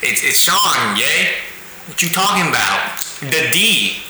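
A man's voice: a little high, sing-song, slow, far from the mic, noisy background. A man putting on an impression of a famous male rapper on the phone, drawling and mumbling as he plays both ends of the call. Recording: very echoey room, off-mic, loud music behind.

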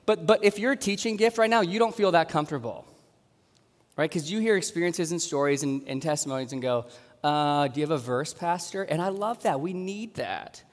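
Animated pastor preaching in a reverberant hall. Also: male voice, a little high, a little fast. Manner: animated, acts out congregants' voices. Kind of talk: sermon. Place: large church hall.

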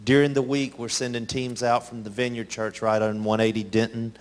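A man's voice: mid-range voice, flat delivery, fairly quick. A man giving an earnest, plain-spoken announcement to a church congregation about volunteers. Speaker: guest speaker giving relief update. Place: church sanctuary.

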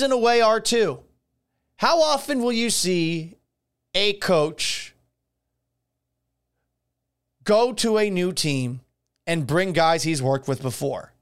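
A man's voice: fairly high pitch, clean tone. A man hosting a solo podcast, talking casually and sarcastically, ranting and swearing about the news. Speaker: podcast host.

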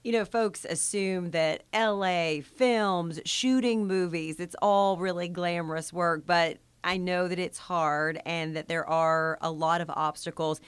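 Low smooth-voiced woman host asking questions, dry close sound. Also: fairly even intonation, a little slow, few pauses, dry recording. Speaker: interviewer host. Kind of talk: interview questions.

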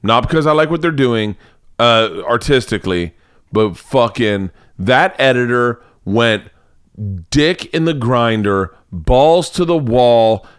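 Southern-raised dude rambling on his podcast, swears a lot, super lively voice. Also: mid-range voice, slow pace, smooth, no room sound. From American South. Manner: profane, rambling, animated. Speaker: podcast host. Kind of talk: casual comedic chat.

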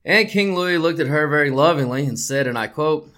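A man's voice: fairly high pitch, expressive, brisk, fairly bright tone. A man co-hosting a comedic sports podcast, talking in a jokey, theatrical and profane way. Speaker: podcast co-host. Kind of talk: comedic casual chat.

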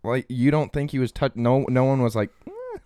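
A man's voice: mid-range voice, fairly even intonation, brisk, mellow, clean tone, no echo, clean studio sound. A man co-hosting a crude comedy podcast, rambling and profane, often breaking into laughter. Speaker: podcast co-host.

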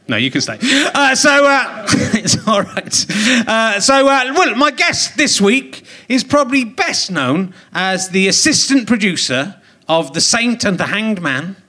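English male comic host, high bright voice, ribbing the live crowd from the stage. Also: big pitch swings, a little slow. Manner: teasing, joking with audience members. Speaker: podcast host. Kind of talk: live comedy podcast with audience banter. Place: theatre stage with live audience.

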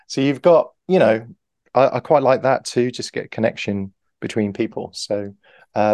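A man's voice: fairly low pitch, normal speed, vocal fry, a little mellow, no echo. A man talking casually as an improv guest, rambling and correcting himself, acting out example lines as he explains. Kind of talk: casual interview chat.

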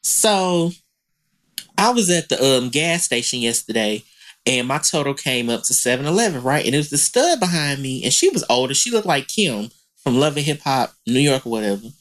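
A man's voice: mid-range voice, sing-song, normal speed, fairly bright tone. A man co-hosting a casual podcast chat, talking bluntly and profanely with lots of animation. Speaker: podcast co-host.

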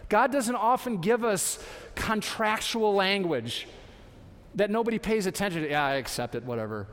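A man preaching a sermon as a pastor, conversational, with lively asides and acted quotes. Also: sits high, in a large hall. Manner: conversational, warm asides, playful voices for quotes.

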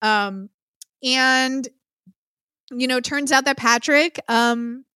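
Swearing, smooth-voiced woman podcaster. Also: high voice, very slow, dry recording, studio quality. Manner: profane, lively storytelling. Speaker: podcast co-host. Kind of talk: casual film recap chat.

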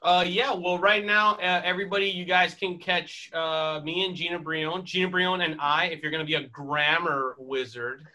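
A man's voice: on the high side, flat delivery, moderate pace, hardly any pauses, sharp tone. A man, a guest comedian, chatting casually on a podcast with many fillers and restarts.

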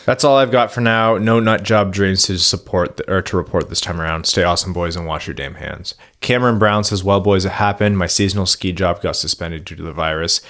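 Deep-voiced man co-hosting a casual podcast. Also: a little fast, few pauses, a bit bright. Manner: laid-back, reads listener messages aloud. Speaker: podcast co-host. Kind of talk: casual chat, reading listener questions.

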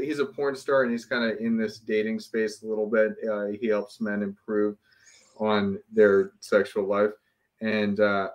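A man's voice: fairly low pitch, rough recording. A man hosting a podcast, chatting casually in an easygoing, agreeable way with hesitant fillers. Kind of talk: casual chat.

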